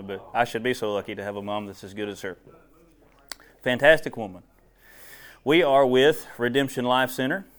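A man's voice: medium pitch, fairly bright tone. A man preaching casually to a small group in a meeting room, joking and folksy, chatty, recorded on a clip-on wire mic.

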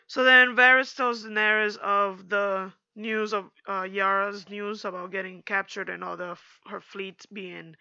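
A young woman chatting casually in a slangy, animated recap, acting out quotes as she goes. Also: medium pitch, measured pace, few pauses, clean tone, no room sound, lo-fi sound.

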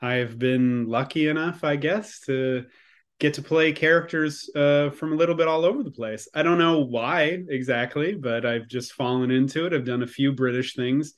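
Easygoing Canadian actor, chatty and rambling. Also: male voice, mid-range voice, moderate pace. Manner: relaxed, rambling with many fillers and restarts. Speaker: actor guest. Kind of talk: casual interview chat.

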